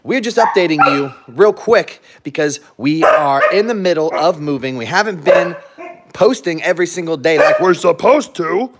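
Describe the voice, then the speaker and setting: A man's voice: a little high, animated, normal speed, very noisy. A man hosting a casual live stream vlog from his home, upbeat and chatty, laughing often while moving around with his dogs. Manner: upbeat, chatty, talks straight to viewers. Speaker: channel host. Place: home, indoors and garage.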